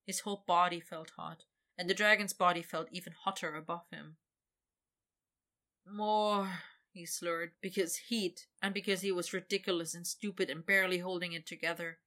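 Bright-voiced woman narrating a story. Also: lowish voice, steady tone, normal speed. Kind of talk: scripted narration of an adult story.

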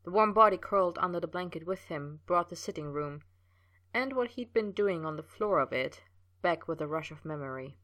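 Low-voiced woman narrating a story. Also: expressive, normal speed, fairly bright tone. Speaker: reader. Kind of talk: reading fan fiction aloud.

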